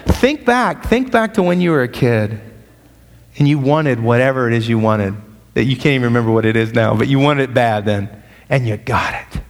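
A man's voice: medium pitch, moderate pace. A man preaching a sermon, walking through verses in a conversational way with joking asides. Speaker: pastor. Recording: long reverb of a large hall.

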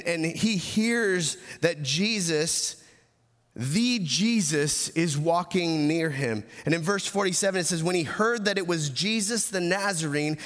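A man with a high voice preaches a sermon in a church hall, his words ringing out with a long reverb. He stumbles and repeats words as he goes, pushes toward urgent emphasis, then sinks to a soft, quiet close. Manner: repeats words and restarts, grows louder and more urgent, then drops soft. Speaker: pastor.

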